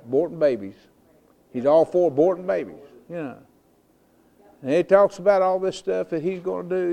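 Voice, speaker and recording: An older man, preaching in a folksy storytelling way that swells into loud, emphatic declarations. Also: high voice, gravelly, highs cut off. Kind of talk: sermon.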